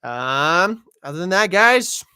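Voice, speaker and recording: A young man hosting a casual podcast, talking in a loose, rambling way and making fun of himself. His voice is bright and a little high for a man. The sound is dry and close. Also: very animated, takes it slowly, clear, resonant tone, no room sound. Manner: rambling, self-deprecating. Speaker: podcast host. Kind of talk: casual chat.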